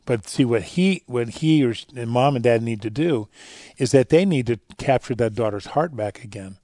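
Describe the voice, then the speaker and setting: Earnest man with a dark, dry voice. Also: medium pitch, normal speed, no room sound. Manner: earnest, storytelling, drops quiet for emotional parts. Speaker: guest speaker on fatherhood and faith. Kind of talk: conversational radio interview.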